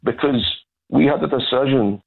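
A man's voice: medium pitch, normal speed, creaky, breathy edge. A man calling in to a radio show, insistent and aggrieved as a football fan. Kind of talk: phone-in call. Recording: tinny phone line.

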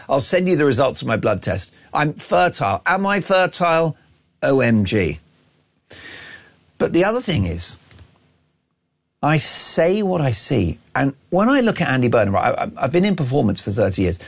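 A brash male radio host riffs through a mocking opinion monologue. His pitch swings widely as he jokes and boasts about himself, talking straight to his listeners from the studio. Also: big pitch swings, fairly quick, vocal fry, slightly rough. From Ireland. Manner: brash, mocking, self-aggrandizing banter.

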